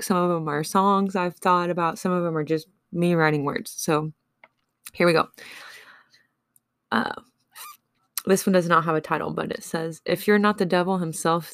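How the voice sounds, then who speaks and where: Woman, low voice, dry close sound, casual, frank, reads own poems with feeling. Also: fairly even intonation, normal speed, long pauses, a bit bright, smooth, dry recording. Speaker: vlogger. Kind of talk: casual monologue reading own poems aloud.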